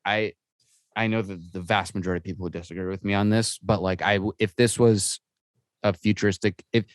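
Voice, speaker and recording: A man's voice: fairly low pitch, fairly even intonation, brisk, dry recording. A man co-hosting a podcast, chatting casually about games in a rambling, stop-start way full of restarts and fillers. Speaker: podcast co-host. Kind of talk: casual gaming chat.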